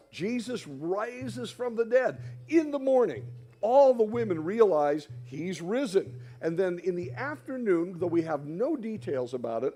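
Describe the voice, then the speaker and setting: A man's voice: a little high, warm tone, breathy edge. A man speaking at a church dinner, teaching the audience in a friendly way and coaxing them to repeat after him. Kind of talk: sermon-style teaching. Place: hall with an audience.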